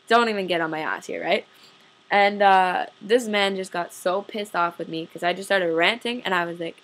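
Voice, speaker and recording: A young adult woman vlogger vents to camera in a casual storytime rant, fired-up, profane and leaning heavily on "like." Her voice is mid-range and a bit bright.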